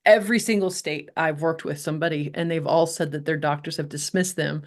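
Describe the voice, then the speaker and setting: A middle-aged woman telling her story as a podcast guest, candid and animated, laughing often and swearing casually. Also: deep voice, a little fast. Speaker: podcast guest, health coach.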